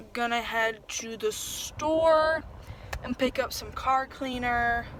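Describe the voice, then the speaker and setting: A young woman with a fairly high voice talks to her phone camera in a chatty, flustered way, filling her sentences with "like" and "literally". She is recorded in her car and out at a car wash, with clear traffic and engine noise behind her. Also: a bit bright. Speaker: vlogger. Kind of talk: casual vlog chat.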